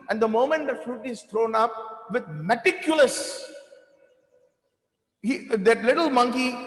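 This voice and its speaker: A man giving a devotional talk, telling lively anecdotes with quoted dialogue. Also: extremely high pitch. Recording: echoey hall with long reverb.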